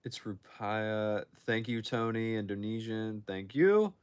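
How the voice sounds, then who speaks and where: Slow and low-pitched, with a clear, resonant tone, a young man answers viewer questions on a casual phone livestream. He often stops to restart or correct what he's saying.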